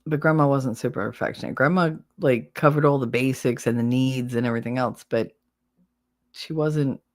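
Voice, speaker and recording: A middle-aged woman with a low voice talks bluntly and casually on a livestream. She rambles from one story to the next and speaks plainly. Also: normal speed. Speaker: livestream host. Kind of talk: casual chat.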